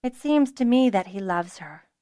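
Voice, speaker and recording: A woman's voice: mid-range voice, lively intonation, moderate pace, warm tone, no echo, clean studio sound, natural voice. A woman voicing a plucky, frank young noblewoman dragonrider with a good-humored manner.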